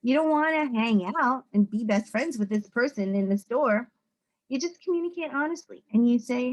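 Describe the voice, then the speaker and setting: A woman from the United States gives a psychology talk to students in a voice pitched a little above the usual. She talks in a loose, conversational way, and she brings her stories to life by putting on the voices of the people in them. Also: normal speed, poor audio. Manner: conversational, animated, acts out quoted people in voices. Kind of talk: informal lecture to students.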